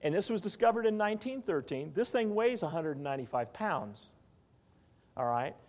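Man, sermon, pastor, animated, questioning, fairly high, lively pitch. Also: moderate pace. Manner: animated teaching, asks the audience questions.

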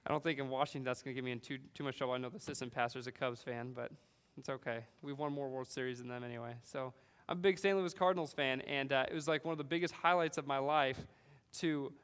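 A man from California preaching a sermon, animated storytelling with frequent "right?" asides. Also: mid-range voice, fast talker, clean tone, in a large hall. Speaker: pastor.

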